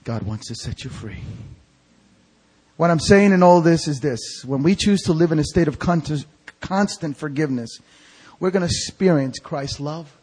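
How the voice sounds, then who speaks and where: A male pastor preaching an evangelical sermon in a church sanctuary. He quizzes the congregation with fill-in-the-blank questions and swings from hushed to shouted. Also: fairly high pitch, animated, normal speed, slightly rough, poor audio.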